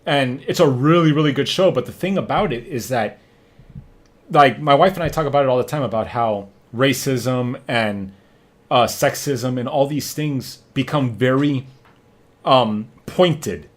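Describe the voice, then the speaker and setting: A man hosting a podcast in casual chat, animated and profane, often acting out what people say. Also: medium pitch, unhurried. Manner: animated, profane, acts out quotes. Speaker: podcast host.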